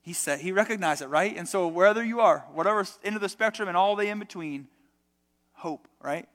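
A man's voice: high-pitched, a little fast, fairly bright tone. A young adult man preaching a sermon to a congregation, conversational and emphatic, full of rhetorical questions. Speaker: pastor. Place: church sanctuary. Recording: long reverb of a church hall.

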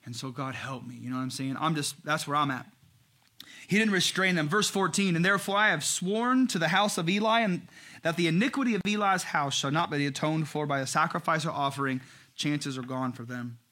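A man delivering a casual, conversational sermon with a bright, forceful edge to his voice. He sits a little higher than most men and jumps between acted-out quotes and softer, unhurried asides. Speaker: pastor.

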